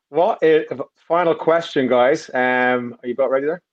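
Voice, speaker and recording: A man hosts a quiz over a video call, joking and poking fun at himself between questions. His loose earphones leave the sound muffled and dull. His pitch sits in an ordinary middle range. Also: unhurried. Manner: joking, self-mocking. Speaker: quizmaster.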